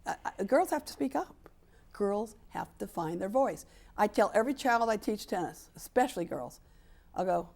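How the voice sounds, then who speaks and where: Gravelly older woman, emphatic. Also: mid-range voice, lively intonation, moderate pace, a little mellow. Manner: emphatic, acts out quoted dialogue, repeats for stress. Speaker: interview guest, sports equality advocate. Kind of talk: candid interview conversation.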